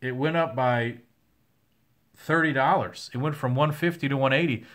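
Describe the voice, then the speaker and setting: A man's voice: medium pitch, moderate pace, fairly bright tone. A young man hosts a casual livestream Q&A, reading questions from chat and answering them candidly with the odd swear. His voice sounds tired and worn from long talking. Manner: candid, swears now and then, reads chat questions aloud. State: losing his voice. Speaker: host answering viewer questions.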